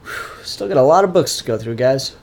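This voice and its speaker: A man's voice: mid-range voice, animated, a little fast, a little mellow. A man casually reviewing comic books, rambling and opinionated with frequent fillers.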